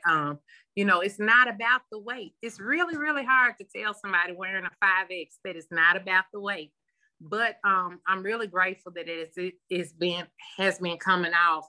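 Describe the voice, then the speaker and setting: A woman giving a candid, rambling personal share at a recovery meeting over a phone video call, with many pauses and ums. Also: medium pitch, sharp tone. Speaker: meeting member sharing.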